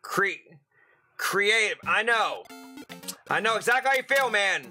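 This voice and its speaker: A young channel host gives excitable gameplay commentary in a high voice, unhurried with long pauses, over faint background music. He bursts into loud, frustrated outbursts and crude jokes.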